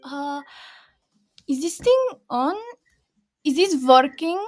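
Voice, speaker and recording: A woman's voice: high voice, big pitch swings, takes it slowly, soft background music, full character voice. Vampire-voiced stepmother, played by a woman. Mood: haughty. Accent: put-on foreign accent, vampire-like. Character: dramatic foreign trophy stepmother, vampire-like. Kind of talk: school play over video call.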